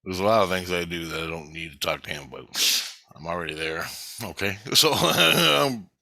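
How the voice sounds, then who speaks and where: A man's voice: sits low, expressive, moderate pace, vocal fry, bright, forceful tone, no echo. A man casually telling a long, rambling personal story, swearing often and jumping between thoughts. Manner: profane, restless, digressive. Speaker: vlogger recounting spiritual experiences.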